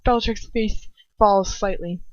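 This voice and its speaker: A woman's voice: medium pitch, unhurried, no echo, lo-fi sound. Chatty woman reading fan fiction. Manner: chatty, laughs at her own slips and asides. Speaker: audiobook reader.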